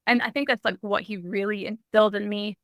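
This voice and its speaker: Bright-voiced young woman telling a story. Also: mid-range voice, a little fast, no echo. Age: young adult. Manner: animated, heavy use of "like", frequent restarts. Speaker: podcast guest. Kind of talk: personal storytelling in conversation.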